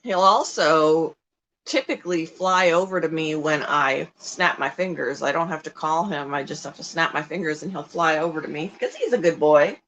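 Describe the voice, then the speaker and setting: A woman's voice: low voice, normal speed, fairly bright tone, rough recording. A middle-aged woman hosting a casual livestream, chatting in a rambling way with frequent ums as she talks about her pets. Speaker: livestream host and pet keeper.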